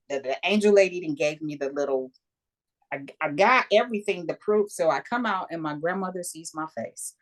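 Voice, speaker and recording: A woman in her fifties, from the US, tells a story as an interview guest in a fairly low voice. She is animated and acts out the people in her tale. She keeps checking in with the listener as she goes. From United States. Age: 50s. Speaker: guest, Reiki practitioner.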